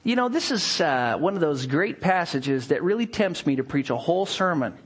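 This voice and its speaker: Man preaching a sermon, voice bouncing all over, goes quiet then gets all excited, acting out bits. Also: fairly high pitch, normal speed, husky. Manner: animated, shifting between hushed asides and excited bursts; acts out little scenes with playful voices. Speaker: pastor.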